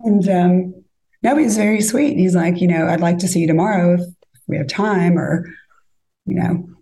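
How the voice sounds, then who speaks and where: A woman's voice: fairly low pitch, moderate pace, gravelly, poor audio. A woman casually telling a dating story as a podcast guest, acting out the lines of others. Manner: animated, acts out quoted lines.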